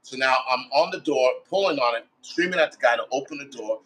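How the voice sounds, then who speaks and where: A man's voice: medium pitch, brisk, fairly bright tone, slight background noise, rough recording. A man, a firefighter guest, telling a story in a blunt, casual way with heavy swearing, acting out his own quoted thoughts. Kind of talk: casual first-person storytelling.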